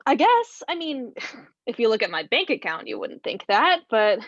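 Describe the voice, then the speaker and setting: A woman's voice: a little high, big pitch swings, unhurried, a bit bright, no room sound, lo-fi sound, heavily acted. A woman playing a self-deprecating young woman playwright, casual and laughing, in a remote play reading over a video call.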